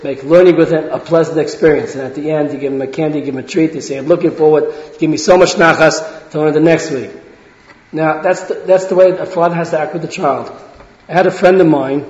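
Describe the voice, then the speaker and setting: A man's voice: fairly high pitch, a little mellow. A man giving an earnest talk on parenting to an audience, often restarting phrases and acting out quoted speech. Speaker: religious lecturer. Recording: roomy hall, dull lo-fi sound.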